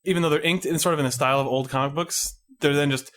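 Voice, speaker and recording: A man's voice: a little high, steady tone, fast talker, a bit bright. A man co-hosting a podcast, talking in a wry, joking, loose and rambling way. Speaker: podcast co-host. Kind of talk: casual chat.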